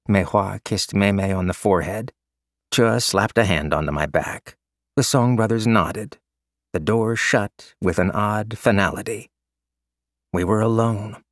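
A man's voice: sits low, a bit bright, no room sound, clean studio sound. A man reading a story aloud in a casual, wry narrating voice. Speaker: audiobook narrator. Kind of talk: scripted narration.

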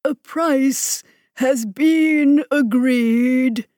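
Alien minister, elderly artificial male voice, pedantic and painfully slow, pitched high; a woman narrator puts it on. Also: darkish tone, no room sound, studio quality. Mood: formal. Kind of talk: audiobook character voice.

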